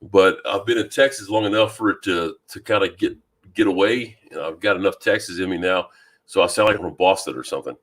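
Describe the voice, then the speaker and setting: Man from louisiana, deep low voice, easygoing live-stream chat, reads comments aloud, lots of ums. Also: brisk, a bit bright. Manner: easygoing, greets viewers by name, many ums and restarts. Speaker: fishing channel host. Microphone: new microphone.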